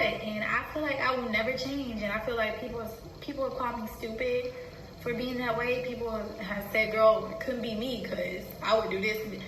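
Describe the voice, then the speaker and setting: A young woman talking about herself in a halting, hesitant way, with many fillers, close to tears. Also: fairly high pitch, recorded from a distance, slight background noise. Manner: halting, full of fillers, soft-spoken. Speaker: vlogger. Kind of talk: emotional personal confession. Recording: echoey room, from the mic.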